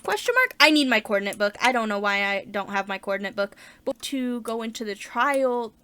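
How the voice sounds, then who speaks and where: एक महिला अपना गेम खेलते हुए बातचीत के अंदाज़ में कमेंट्री करती है, ज़ोर से सोचती है और बीच-बीच में उत्साह से उछल पड़ती है।. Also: female voice, mid-range voice, a little fast, clean tone. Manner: chatty, thinks aloud, bursts of excitement. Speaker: gaming channel host. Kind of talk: casual let's-play commentary.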